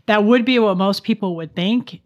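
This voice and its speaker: A woman, co-hosting a true crime podcast and telling the case in a chatty way with quick asides. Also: medium pitch, a little mellow, lo-fi sound. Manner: chatty storytelling with asides and laughs. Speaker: podcast co-host.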